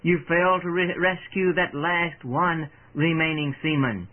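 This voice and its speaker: A man's voice: a little high, steady tone, unhurried, natural voice. A man voicing a brave, devout young fisherman with an earnest, firm delivery. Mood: questioning. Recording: tinny old radio broadcast.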